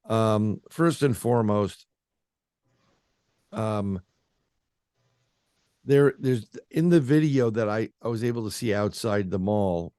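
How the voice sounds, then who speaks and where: A man's voice: fairly low pitch, slow, pauses often, mellow, clean tone, no echo, clean studio sound. A man being interviewed as a paranormal researcher, telling a story in a casual, rambling way with lots of fillers and restarts.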